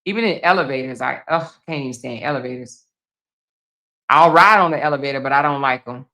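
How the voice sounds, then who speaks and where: A woman talks straight to her viewers in a loud, bright, forceful voice. She is blunt and profane and laughs often while chatting casually and reading comments on her live stream. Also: rumbling low, brisk.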